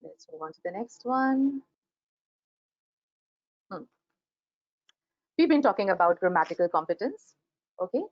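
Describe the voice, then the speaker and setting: A woman's voice: mid-range voice, a little slow, pauses often, no room sound, muffled recording. A woman with an Indian English accent giving a grammar webinar lecture, acting out example sentences as she talks. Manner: animated, acts out example sentences. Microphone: computer microphone on a video call.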